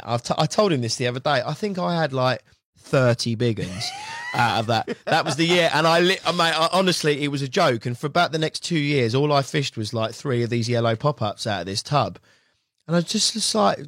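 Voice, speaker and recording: A man's voice: medium pitch, expressive, fairly quick, a bit bright. A man telling a long rambling story as a guest, casual and chatty, often quoting what others said. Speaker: guest angler.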